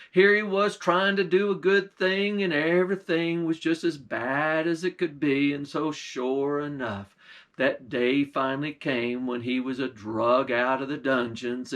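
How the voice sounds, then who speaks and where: A man's voice: fairly high pitch, a bit bright. A man, a pastor, telling a folktale in a folksy, old-time dialect. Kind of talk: folktale storytelling.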